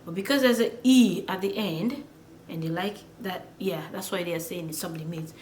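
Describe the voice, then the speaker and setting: A woman teaching pronunciation in a casual lesson, chatty and repeating words slowly with many fillers. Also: on the low side, darkish tone. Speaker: language teacher. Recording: echoey room with faint noise.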